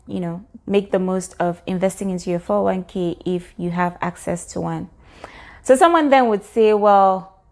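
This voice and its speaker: A woman talks to her viewers about personal finance, earnestly walking through each point. Her tone is encouraging and steady, with the odd "um", and her voice sits at a middle pitch. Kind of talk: explanatory talk to camera.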